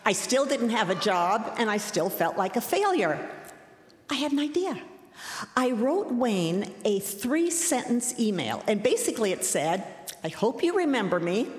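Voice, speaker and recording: A woman's voice: a little high, sing-song, unhurried. A middle-aged woman tells a story live to an audience. Her delivery is wry and self-deprecating, and she times the comic lines. Her voice carries through a roomy hall with a long, ringing reverb. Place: large hall.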